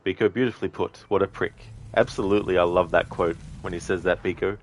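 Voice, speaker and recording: Profane Australian gaming streamer. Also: male voice, low-pitched, steady tone, fast talker, slight background noise. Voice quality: profane, blunt. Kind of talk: casual live commentary, reading chat.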